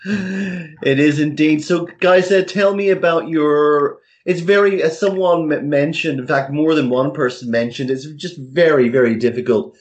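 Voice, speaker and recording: Halting man hosting a football podcast. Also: a little high, muffled recording. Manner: halting, questioning. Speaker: podcast host. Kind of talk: casual football chat.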